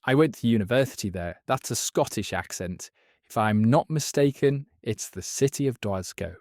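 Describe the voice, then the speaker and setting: Mid-pitched man, teasing quiz contestant, dry close recording. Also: expressive, normal speed, darkish tone, no room sound. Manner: confident, teasing. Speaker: podcast co-host, quiz contestant. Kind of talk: casual chat.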